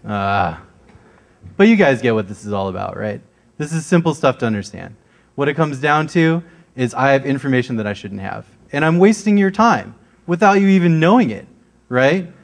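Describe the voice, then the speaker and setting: A man's voice: mid-range voice, big pitch swings, moderate pace, vocal fry. A man giving a talk at a security conference in a casual way, often checking in with the audience with "right?". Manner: casual, keeps asking "right?". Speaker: conference presenter. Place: conference stage.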